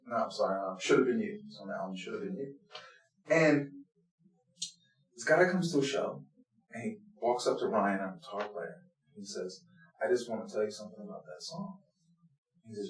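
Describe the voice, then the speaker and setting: A man leading a blues band, telling personal stories in an interview in an earnest, heartfelt way, dropping to a hush and then rising loud. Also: on the low side. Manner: earnest, heartfelt, swings between hushed and loud. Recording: roomy, distant from the mic.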